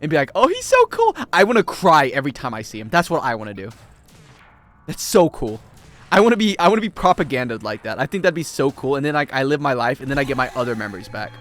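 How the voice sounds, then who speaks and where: A young man streaming a video game, rambling and joking casually with his chat. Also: quick pace. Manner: rambling, joking, animated swings in pitch.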